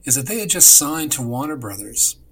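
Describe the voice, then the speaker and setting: A man from Canada co-hosting a casual chat about music history, enthusiastic and quick to laugh. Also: mid-range voice, big pitch swings, fairly bright tone, slightly rough, low-quality recording. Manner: enthusiastic, storytelling, laughs often. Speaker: co-host.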